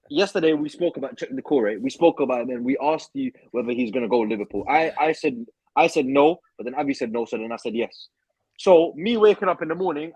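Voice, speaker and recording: A young man on a fan panel, talking excitably in casual chat and stumbling over the start of his sentences. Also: on the high side, breathy edge, no room sound, rough recording. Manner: excitable, stammers when starting, slangy.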